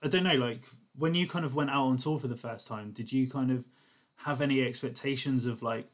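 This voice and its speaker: A man's voice: medium pitch, a little fast. Guy interviewing a band member, mid voice, rambly questions full of likes. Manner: long rambling questions with many fillers. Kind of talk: casual interview.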